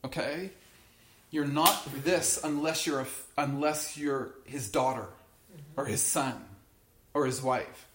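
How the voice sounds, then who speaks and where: A man's voice: a little high, takes it slowly, roomy sound, noisy background. A man teaching a Bible study to a small group, speaking earnestly and with emphasis, often restarting phrases and checking that his listeners follow.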